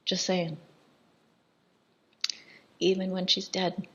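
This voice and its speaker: A woman talks her way through a film in a loose, irreverent commentary, laughing at the scenes as they unfold. Her voice sits a little low and she speaks slowly, taking her time. The recording is dull and lo-fi. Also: flat delivery.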